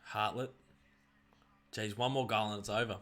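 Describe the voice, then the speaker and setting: An Australian man streaming casual live play-by-play, excitably rattling off player names and breaking into loud calls. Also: medium pitch, moderate pace. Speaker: streamer commenting on a live game.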